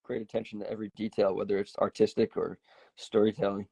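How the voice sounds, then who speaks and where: A man's voice: lowish voice, fast talker, vocal fry, slightly rough, no echo. Chatty man, dry close sound. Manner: animated, profane, rambling with many fillers. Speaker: host. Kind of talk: casual chat.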